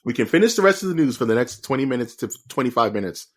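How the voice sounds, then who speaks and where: A man's voice: mid-range voice, sing-song, very fast. A man co-hosting a podcast in casual chat, teasing and slangy, calling his friend dude and dog. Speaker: podcast co-host.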